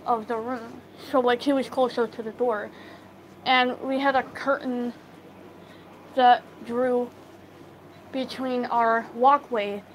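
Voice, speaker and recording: A woman telling a story casually to live viewers on her phone, halting, with many fillers and restarts. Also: on the high side, slight background noise, poor audio. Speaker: livestream storyteller.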